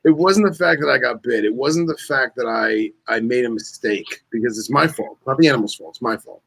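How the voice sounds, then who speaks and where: Gravelly guy cohosting a chill podcast, tells stories and does the voices. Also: mid-range voice, a little fast, a bit bright. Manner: storytelling, acts out quotes. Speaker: podcast co-host. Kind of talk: casual chat.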